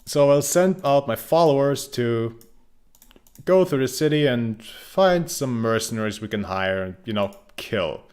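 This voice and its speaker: A man's voice: mid-range voice, animated, unhurried, darkish tone. A young man casually commenting on his gameplay, rambling and joking, with frequent restarts. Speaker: game streamer.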